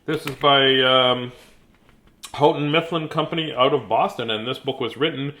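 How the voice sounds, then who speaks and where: During a relaxed live read-aloud of a children's book, a fifty-something man keeps chatting and cracking jokes between pages, drifting off on tangents. His mid-range voice sounds pushed and bright at a normal speed.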